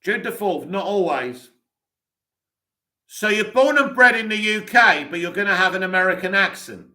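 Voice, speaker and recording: A man's voice: high voice, lively intonation, moderate pace, sharp tone. A man with an English accent, hosting a live stream, reading viewer comments aloud and answering them with blunt, dismissive opinions.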